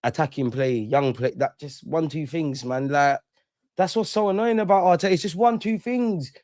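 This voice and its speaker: A man, hosting a casual livestream, talking in slangy, animated bursts that swing between loud and muttered. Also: fairly high pitch, moderate pace, no echo, studio quality. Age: 30s. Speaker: livestream host.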